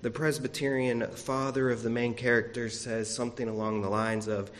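A man's voice: mid-range voice, flat delivery, moderate pace, hardly any pauses. A man gives a sermon in a church sanctuary, a pastor whose voice sits in the middle range. He tells homespun stories with easy, self-deprecating humor. His words ring out with a long reverb off the hard walls of the room.

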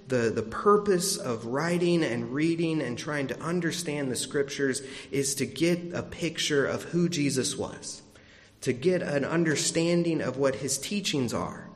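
A young man preaching a sermon, telling the story in a conversational, storytelling way and acting out the quotes. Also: mid-range voice. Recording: long reverb of a large hall.

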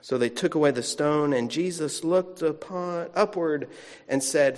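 A man's voice: a little high, measured pace, a little mellow. A male pastor giving a sermon in a chatty storytelling way, with asides to the congregation. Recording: long reverb of a large hall.

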